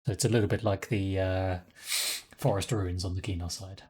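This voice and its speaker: A man's voice: low-pitched, fairly even intonation, moderate pace, mellow, slightly rough. A man giving casual, dry commentary while he plays a game. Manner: dry, wry, chuckling asides. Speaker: streamer.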